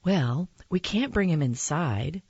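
A woman's voice: deep voice, lively intonation, takes it slowly, a little mellow, breathy edge, no echo, dull audio, full character voice. Woman playing an exasperated mom. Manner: exasperated, flustered. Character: fretting mom of a young boy.

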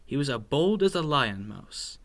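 A man reading a children's bedtime story aloud with expressive, sing-song narration. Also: medium pitch, normal speed.

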